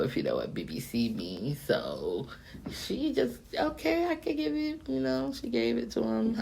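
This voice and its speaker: A woman with an unusually deep voice and a gritty, crackling edge to it tells a story to camera. She is from the Miami-Dade area and talks bluntly and profanely. Her delivery is animated and conversational. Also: gravelly. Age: adult, past her younger days. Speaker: vlogger. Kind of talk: casual storytime monologue.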